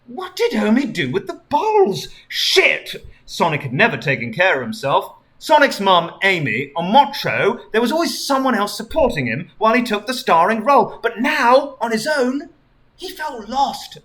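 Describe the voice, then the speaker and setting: A male streamer reads silly fan fiction aloud in a mock-dramatic tone, chuckling through it. His voice is bright and lively, jumping around in pitch. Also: moderate pace. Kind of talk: comedic fan-fiction reading.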